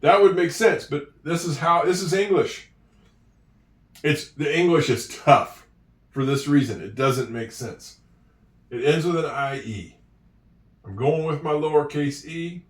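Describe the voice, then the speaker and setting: A man teaching handwriting and spelling at a board, with slow, encouraging talk and drawn-out words. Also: fairly high pitch. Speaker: English teacher. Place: room with a whiteboard. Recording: echoey room, voice from a distance.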